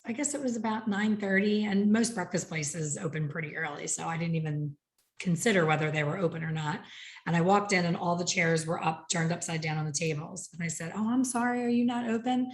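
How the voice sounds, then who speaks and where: A woman hosts a podcast and talks in a loose, chatty way. She tells long stories and acts out what people said. Her voice sits fairly low. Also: fairly even intonation, normal speed. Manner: chatty storyteller, acts out quoted lines. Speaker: podcast host. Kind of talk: casual chat.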